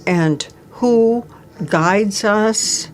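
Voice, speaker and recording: A woman's voice: medium pitch, extremely slow. A woman interpreting a forum speech live, speaking steadily and evenly in the first person. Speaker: simultaneous interpreter.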